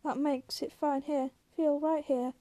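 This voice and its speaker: A woman's voice: high-pitched, level tone, measured pace, dark tone, dry recording. A woman reading aloud, voicing a lonely young ranch wife who chats in a teasing, vain way. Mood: chatty.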